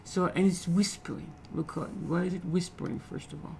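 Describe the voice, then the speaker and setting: Male lit teacher, gravelly fry voice, halting, repeats phrases, faint background hiss. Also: sits high, steady tone, low-quality recording. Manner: repeats phrases, frequent "okay?" checks, halting restarts. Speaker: literature teacher. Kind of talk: explaining a poem in a lecture.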